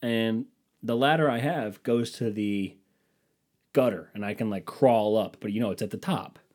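A man's voice: lowish voice, moderate pace, darkish tone. A man telling stories in a casual monologue, sardonic and profane, mimicking people in mocking voices.

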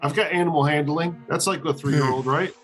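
A man's voice: a little high, brisk, soft background music. A man playing a tabletop game, cracking dry jokes. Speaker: player. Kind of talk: joking tabletop game play.

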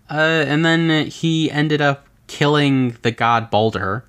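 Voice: medium pitch, smooth. A podcast host explaining a game character build, telling the backstory with exasperated asides and casual swearing. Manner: animated, exasperated storytelling with quick asides; casual swearing and filler words.

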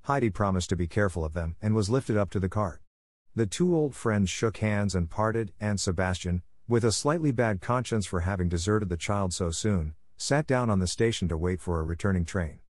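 A man narrating an audiobook in a steady, measured reading. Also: on the low side, no echo, studio quality.

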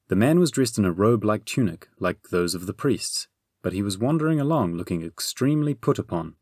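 A man reading a storybook aloud in steady, measured narration. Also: deep voice, no room sound, studio quality. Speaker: audiobook narrator.

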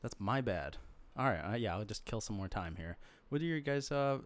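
A man in his thirties co-hosting a podcast, talking in casual, animated banter and swearing now and then. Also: lowish voice, normal speed. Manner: animated, swears, acts out others in quoted voices. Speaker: podcast co-host.

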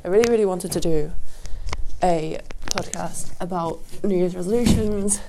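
A woman's voice: on the low side, normal speed. A woman hosting a rambling solo podcast, sick and sniffly, casual and sweary, talking outdoors into a lapel mic with wind behind her. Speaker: podcast host. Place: outdoors at a windy horse yard. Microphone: lapel mic clipped to jacket. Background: wind noise.

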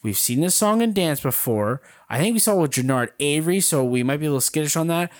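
A man's voice: fairly high pitch, expressive, quick pace. A man hosting a casual sports podcast, rambling and wisecracking with his co-hosts. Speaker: podcast host.

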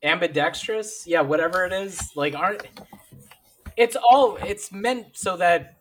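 A man co-hosting a casual podcast, reacting with jokes and quick asides. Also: high-pitched, a little hiss or hum. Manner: animated, joking reactions. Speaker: podcast co-host. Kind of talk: casual chat.

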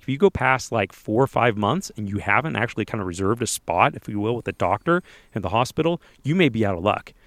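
Telling a personal story during a relaxed interview, this podcast co-host voices other people's lines in quick little impressions. His voice is mid-range, and the studio sound is clean with no room sound.

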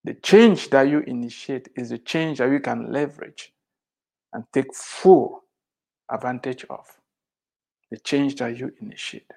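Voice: medium pitch, a little slow, vocal fry. Emphatic speaker repeating lines for effect. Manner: rhetorical questions, swings between loud and soft. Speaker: motivational speaker. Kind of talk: motivational address to immigrants.

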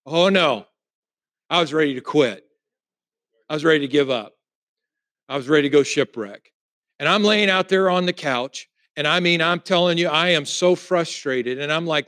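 A man preaching a sermon as a pastor, telling a personal story and swinging between loud emphasis and hushed, quiet moments. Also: fairly high pitch, no echo, studio quality.

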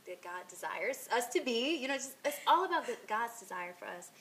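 Woman co-host, blunt and expressive, casual faith talk, faint rumble behind. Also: fairly quick. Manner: blunt, animated, laughs often.

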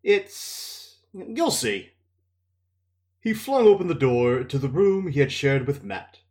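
A man's voice: medium pitch, moderate pace, roomy sound. A man hosting a podcast, casually recapping a chapter and then reading it aloud. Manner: relaxed, thinking aloud with restarts. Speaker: podcast host and reader.

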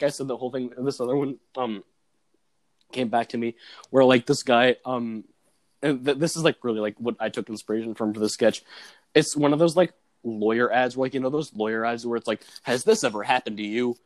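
A man's voice: mid-range voice, brisk, no echo. Young man, casual chat, rambling, filler-heavy, dry close sound. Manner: rambling, full of "like" fillers, laughs at his own story. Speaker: student describing his comedy sketch.

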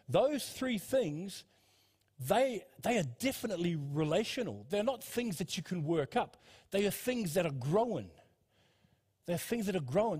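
A man's voice: on the high side, breathy edge. A man in his fifties preaching a sermon as a pastor, earnest and conversational, with asides to the congregation and frequent repetitions. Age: 50s. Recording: long hall reverb.

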